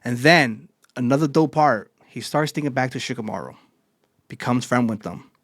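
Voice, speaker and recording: Casual male podcast host, mid-pitch, dry close sound, enthused and profane. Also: moderate pace, no echo. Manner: excited, swears freely, retells scenes in quotes. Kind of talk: casual anime chapter recap.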